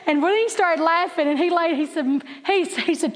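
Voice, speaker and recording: A middle-aged woman, teaching a Bible class through chatty, animated stories with laughing asides. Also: very high-pitched, a little fast, few pauses, in a large hall. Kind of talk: storytelling Bible lesson.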